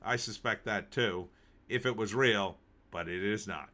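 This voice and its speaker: A man's voice: fairly low pitch, unhurried, pushed and bright. A man hosting a live stream, reading news aloud and cracking wry, jokey asides with frequent laughs.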